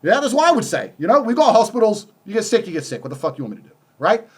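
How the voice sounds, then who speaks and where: A man as a podcast guest, delivering a forceful monologue full of swearing and rhetorical questions. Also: high-pitched, sing-song, racing, noisy background. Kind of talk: heated monologue.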